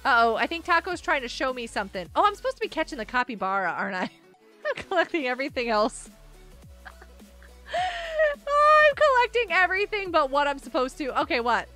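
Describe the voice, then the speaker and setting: A bubbly young woman chatting through a live game stream, her voice high and bright, swinging up and down as she reacts. Soft game music plays behind her. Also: sing-song, quick pace. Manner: bubbly, exclaims and laughs often, talks to chat.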